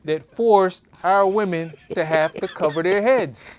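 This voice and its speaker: A man's voice: high voice, a little slow. A man in a religious class, chatting with the teacher and reading Bible verses aloud. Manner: conversational, reads verses aloud. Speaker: congregant reading scripture. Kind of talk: class discussion and scripture reading.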